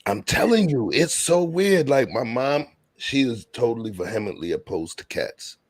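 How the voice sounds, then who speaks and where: A man's voice: sing-song, moderate pace, no echo. A man from Brooklyn, hosting a laid-back streamed chat and telling stories in street slang. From Brooklyn, New York. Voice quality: deep, gravelly and husky. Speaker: show host.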